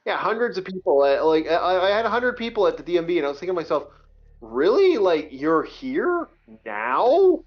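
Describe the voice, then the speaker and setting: A man's voice: high-pitched, animated, very fast, few pauses. Profane ranting man, lo-fi sound. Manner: profane, heated ranting with many restarts. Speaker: podcast co-host. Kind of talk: casual ranting chat. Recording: dull lo-fi audio.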